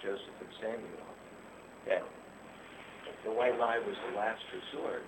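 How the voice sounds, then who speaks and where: Low-voiced man asking in an echoey room. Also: fairly even intonation, measured pace. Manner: tentative, rephrasing as he asks. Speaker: interviewer. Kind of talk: conversational question. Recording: echoey room with clear background noise.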